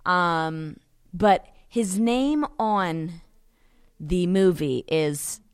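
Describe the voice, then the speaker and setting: A woman's voice: fairly low pitch, very slow, clear, resonant tone, dry recording, clean studio sound. A woman co-hosting a ministry talk, speaking casually and with energy, urging listeners on and repeating phrases for emphasis. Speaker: ministry co-host. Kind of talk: casual motivational faith talk.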